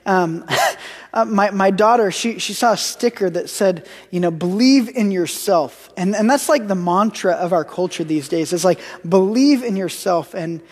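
American pastor preaching in a reverberant hall. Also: male voice, high-pitched, normal speed, husky. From United States. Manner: storytelling, with frequent repeated words and restarts. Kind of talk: sermon.

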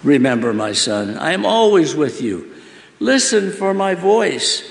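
A man voicing God as a calm, fatherly deity who gently reassures and calls the listener his son. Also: on the high side, measured pace, creaky, pitched above the performer's own voice, exaggerated voice. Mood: reassuring. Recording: roomy hall with long reverb.

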